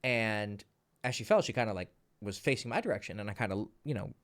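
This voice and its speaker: A man, a dating coach, telling a story casually, animated, laughing and swearing freely. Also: lowish voice, a little fast.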